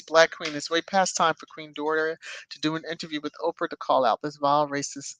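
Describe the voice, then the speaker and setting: Speaking in a low-pitched voice, the woman runs a laid-back stream where she responds to what viewers write with sassy chatter. Her talk is dotted with easy laughs and knowing hums, and the sound stays intimate and dry, without any room reverb.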